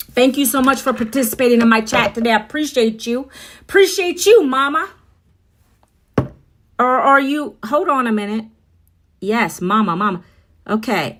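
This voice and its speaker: A middle-aged woman chats with viewers on a phone livestream. Her voice sits high and her tone is upbeat. She speaks casually and keeps talking straight to the people watching. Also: moderate pace, long pauses, fairly bright tone. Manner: chatty, upbeat, addresses viewers directly. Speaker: livestream host.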